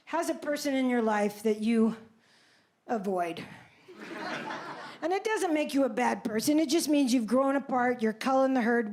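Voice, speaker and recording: Her voice is high-pitched but darkish in tone as this woman in her 70s works a comedy club crowd, delivering brash, self-mocking tales with plenty of loud exclamations. The recording comes from the club's stage mic, with the audience audible and laughing behind her.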